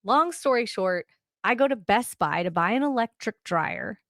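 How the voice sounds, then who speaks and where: A middle-aged woman co-hosting a podcast, telling a story in animated, quick bursts of casual chat. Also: a little high, no echo, studio quality. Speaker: podcast co-host.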